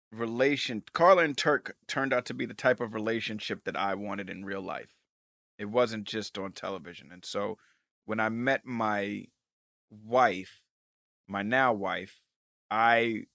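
A playful man in his forties co-hosting a podcast, cracking jokes and hyping things up. His voice is bright and forward. The sound is dry and close. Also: mid-range voice, no room sound. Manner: playful, loud hype calls, jokey. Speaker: podcast co-host. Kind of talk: casual chat.

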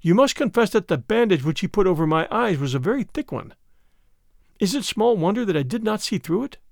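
Guy putting on a high, swooping noble lady, desperate and pleading, dry close sound. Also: sing-song, fairly quick, creaky, no echo, exaggerated voice. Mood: earnest. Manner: pleading, urgent.

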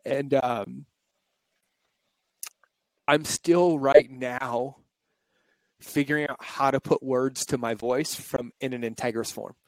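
A man's voice: mid-range voice, steady tone, slow pace, pauses often, no echo, poor audio. A male podcast host talking openly and reflectively in a candid conversation, his voice shaky and close to tears. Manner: open, reflective, confessional.

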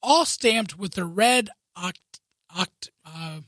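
Chatty co-host type, bright voice, laughs through the story, recorded close and dry. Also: mid-range voice, animated, takes it slowly, no echo. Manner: laughs often while telling stories, chatty asides. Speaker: podcast co-host. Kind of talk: casual chat, reading news aloud.

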